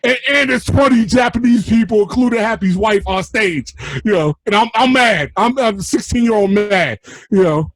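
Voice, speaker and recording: Animated profane storyteller, New man. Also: sits high, normal speed. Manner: animated, profane, laughing, acting out quotes. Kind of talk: casual storytelling.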